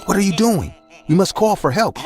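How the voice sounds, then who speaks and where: A man's voice: fairly high pitch, animated, normal speed, faint music behind, voice pushed up, natural voice. A man voicing his own frightened ten-year-old self, speaking in an alarmed, pleading way. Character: scared ten-year-old boy, the narrator's younger self.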